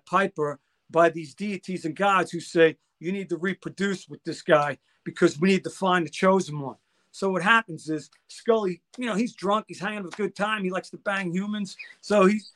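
High-voiced man telling a story. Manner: excitable storyteller, acts out quoted dialogue. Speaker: guest musician. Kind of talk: casual chat.

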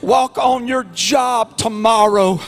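High-voiced preaching pastor, fervent and slow. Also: male voice, faint music behind. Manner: impassioned preaching, swings from soft to shouting; stretches key words out slowly. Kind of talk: sermon. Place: church sanctuary.

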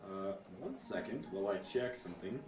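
A young man narrating as game master, casual and halting, with many restarts and fillers. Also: sits low, lively intonation. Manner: hesitant, full of restarts and fillers. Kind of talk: narrating a tabletop game among friends. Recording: echoey room, mic from a distance, faint music.

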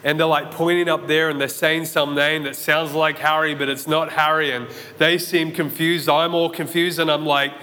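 An Australian man in his thirties preaches from a church stage. His voice sits slightly high for a man, and he tells his story vividly, voicing his own shouts and thoughts. The sound carries a long reverb from the hall. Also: little pitch movement, normal speed, few pauses. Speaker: pastor. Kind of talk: sermon with personal story. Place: church auditorium.

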